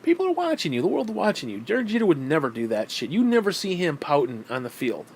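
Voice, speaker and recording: A man in a casual vlog rants and swears at length, his voice swinging up and down with animated energy. His voice sits a touch high for a man, and faint background noise runs under it. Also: fast. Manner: profane, ranting, animated. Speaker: vlogger. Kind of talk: casual rant to camera.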